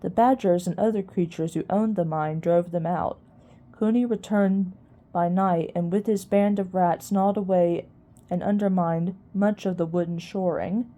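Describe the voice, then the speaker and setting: A woman voicing an ancient, wise old male mouse archivist who mutters in a squeaky near-whisper. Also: fairly even intonation, measured pace, mellow, lightly acted. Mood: recounting.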